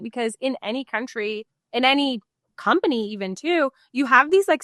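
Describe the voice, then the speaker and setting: Woman, animated storytelling, slightly high voice, dry room. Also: dry recording. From Canada. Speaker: guest, former CEO. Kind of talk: casual interview chat.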